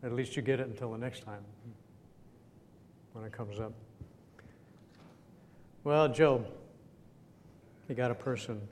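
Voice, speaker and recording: A man's voice: unhurried, long pauses, darkish tone. A man giving a conversational sermon, chatty and chuckling, often asking his listeners questions. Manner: chatty, asks the audience questions, chuckles now and then. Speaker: preacher. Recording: echoey hall with faint rumble.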